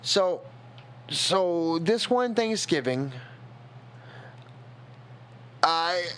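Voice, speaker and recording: A man's voice: high-pitched, animated, a bit bright, clear, resonant tone. Rambling young man telling a story. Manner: rambling, halting, emotional. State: tipsy. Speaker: streamer. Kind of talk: casual storytelling on a stream.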